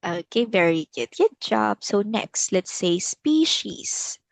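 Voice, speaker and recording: Woman, english tutor, very slow careful speech, patient, repeats words, dry close sound. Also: medium pitch, big pitch swings, gravelly, no echo. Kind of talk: online English lesson for a child.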